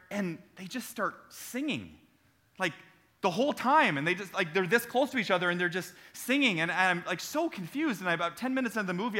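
In a church sanctuary, a young adult male pastor with a high, sharp voice delivers his sermon. His style is conversational and funny, full of stories and call-outs to the audience.

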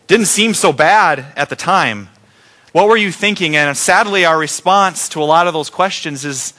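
A man's voice: a little high, normal speed. A middle-aged male pastor preaching a sermon, telling stories with acted-out sounds and quoted replies. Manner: animated storytelling, acts out sounds and quoted replies.

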